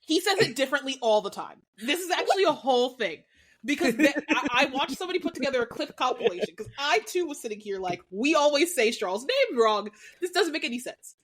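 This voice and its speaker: A woman's voice: sits high, very animated, fast talker, a bit bright, breathy edge. A woman co-hosting a podcast in casual chat, chatty and joking, speeding up as she explains. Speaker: podcast co-host.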